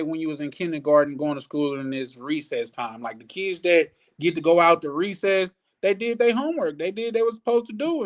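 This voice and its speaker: A man in a casual group discussion who makes his points through folksy everyday comparisons. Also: sits high. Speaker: panel guest.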